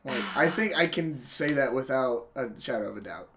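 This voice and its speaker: Young male co-host, loose and profane, mid-pitched. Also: lively intonation, normal speed, vocal fry, a little hiss or hum. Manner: loud, swearing, laughs often. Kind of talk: casual chat.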